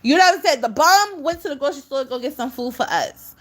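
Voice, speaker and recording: Reaction commentator: high-pitched woman, exasperated and scolding, casual delivery. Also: animated, fast. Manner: scolding, exasperated, talks straight at the subject.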